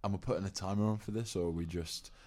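A man's voice: low-pitched, fairly even intonation, fast talker, warm tone. A man co-hosting a casual podcast, laughing a lot and swearing freely. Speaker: podcast co-host. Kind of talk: casual chat.

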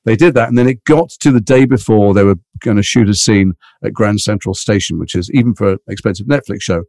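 Gravelly, fast-talking man. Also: lowish voice. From England. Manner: animated storyteller acting out voices. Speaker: actor guest. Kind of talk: anecdotal interview chat.

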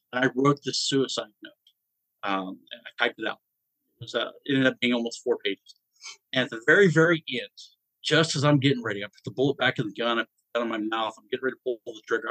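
A middle-aged man, telling a personal story as a podcast guest, halting and stammering, low and subdued. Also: a bit bright, dry recording, poor audio. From Georgia, US. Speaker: guest dad.

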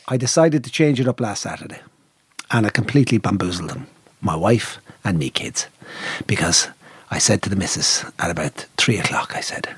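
Husky Irish man telling a lively story. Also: fairly low pitch, moderate pace, no room sound. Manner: animated anecdote-telling, acting out family voices. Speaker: podcast co-host. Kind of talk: casual storytelling chat.

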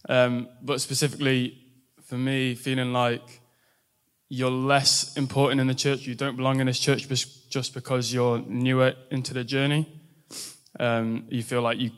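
A young man gives an earnest testimony to his church. His voice is smooth and resonant, and it stays level with very little melody. He speaks steadily and often pauses on fillers. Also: mid-range voice, little pitch movement. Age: 20s. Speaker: university student sharing testimony.

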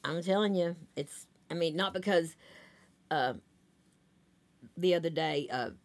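A woman with a drawl tells loose, rambling stories as a guest in a casual interview. Her voice sits low for a woman, and she leans on plenty of fillers as she goes. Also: unhurried. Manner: chatty, rambling anecdotes with many fillers. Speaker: talent agent, guest.

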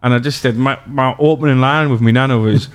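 A man's voice: mid-range voice, steady tone, a little fast, very noisy. A man hosting a podcast, telling stories in casual chat, rambling, laughing through them and swearing freely. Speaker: podcast host.

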